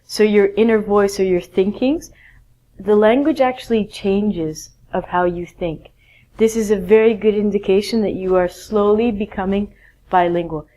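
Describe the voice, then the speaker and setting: A woman's voice: mid-range voice, moderate pace, mellow. A woman teaching a basic grammar lesson, patient and encouraging, explaining step by step. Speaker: English teacher.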